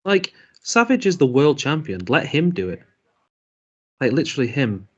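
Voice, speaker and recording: A man's voice: fairly high pitch, sing-song, normal speed, breathy edge, lo-fi sound. Chatty man, plain mid voice. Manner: chatty, laughs often, swears. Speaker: podcast co-host. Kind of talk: casual chat.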